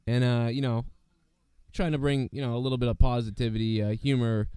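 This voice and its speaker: Hoarse man rambling on a podcast. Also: medium pitch, steady tone, fairly quick, mellow, no echo. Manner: rambling, profane, full of fillers. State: hoarse from illness. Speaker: podcast host. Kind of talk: casual chat.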